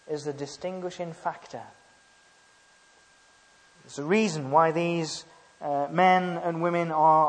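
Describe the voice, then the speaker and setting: A man preaching a sermon, emphatic and halting, often asking rhetorical tag questions. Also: high-pitched, in a large hall.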